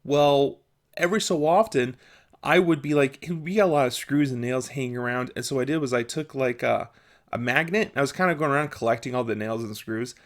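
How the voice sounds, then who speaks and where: Laid-back young man telling a story. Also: medium pitch. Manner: laughs often, with quick restarts. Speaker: vlogger. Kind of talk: casual storytelling.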